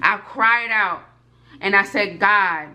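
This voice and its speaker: A woman in her twenties speaks to her camera audience with fervor. She leans on repetition and emphasis. Her voice sits a little high and rings bright and forceful. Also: moderate pace. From United States. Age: 20s. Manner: addresses viewers directly. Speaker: food vlogger. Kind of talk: personal testimony to camera.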